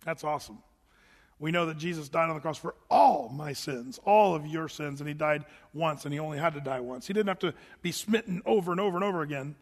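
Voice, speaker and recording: Man preaching, conversational, animated asides, high voice, long hall echo. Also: brisk. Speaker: pastor. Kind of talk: sermon.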